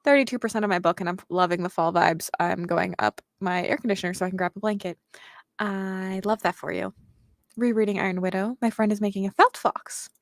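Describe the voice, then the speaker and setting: A young woman hosts a casual reading livestream. She reads viewer comments aloud and answers them in a chatty way. Her voice sits at a medium pitch and is recorded close and dry, with no room sound. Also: fairly even intonation, brisk, no room sound. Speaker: booktuber host reading chat aloud.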